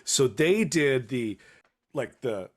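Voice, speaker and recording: A man co-hosting a podcast in loose, casual chat. He rambles, restarts his sentences and swears offhandedly, in a voice of ordinary pitch for a man. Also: animated, takes it slowly. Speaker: podcast co-host.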